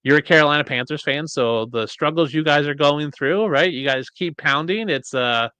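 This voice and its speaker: A man in his thirties co-hosting a podcast, chatting casually and acting out quoted lines in an animated way. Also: moderate pace, clean tone, no room sound. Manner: animated storyteller, acts out quotes in high voices. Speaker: podcast co-host. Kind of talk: casual chat.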